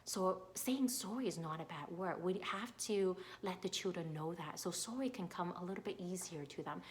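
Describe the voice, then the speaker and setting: A woman's voice: fairly low pitch, normal speed. A woman who teaches young children, giving earnest advice in an informal talk, with many fillers and frequent checks that she is understood. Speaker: early childhood educator.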